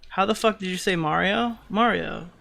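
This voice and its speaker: A man's voice: high voice, normal speed, creaky, sharp tone. Profane New York streamer man. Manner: casual, profane, frustrated outbursts at the game. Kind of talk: live gaming stream chat.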